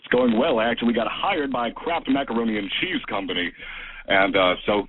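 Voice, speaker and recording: A man's voice: mid-range voice, animated, brisk. A man calling in to a radio show, talking eagerly with stammers and restarts. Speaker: caller. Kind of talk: casual call-in chat. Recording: tinny phone line with faint noise.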